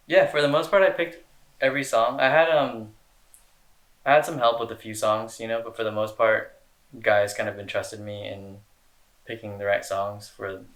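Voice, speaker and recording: A man's voice: lowish voice, fairly bright tone, echoey room. A young man answering fan questions in a casual, rambling chat, full of slang and fillers. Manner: laid-back, rambling, slangy with lots of "dude" and "like".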